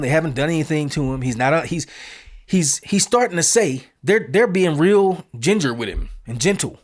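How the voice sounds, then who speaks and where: A man hosting an opinion commentary show, talking bluntly and emphatically in casual street phrasing. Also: fairly high pitch. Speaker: show host.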